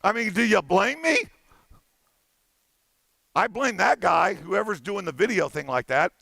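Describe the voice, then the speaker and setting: A man giving a conference talk, telling an animated, playful story and acting out the dialogue. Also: high voice, a little slow, creaky, no echo. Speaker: conference keynote speaker. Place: conference stage.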